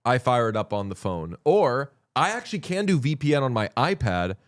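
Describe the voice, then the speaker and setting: A man's voice: mid-range voice, big pitch swings, a little fast, dry recording, studio quality. A man hosting a casual sports podcast chat, rambling and correcting himself as he jokes around. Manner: rambling, self-correcting, jokey. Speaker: podcast host.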